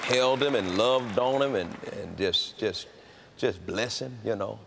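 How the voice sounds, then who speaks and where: An older man preaching with folksy humor, moving from soft, low asides to loud shouted outbursts. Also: measured pace, gravelly, crowd noise, noisy background. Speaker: pastor. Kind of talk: sermon.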